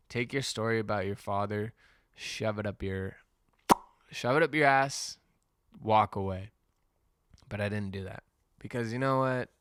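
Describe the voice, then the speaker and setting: A man hosting a podcast, delivering a rambling, profane comedic rant in a deadpan way. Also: medium pitch, clear, resonant tone, no room sound, clean studio sound. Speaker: podcast host.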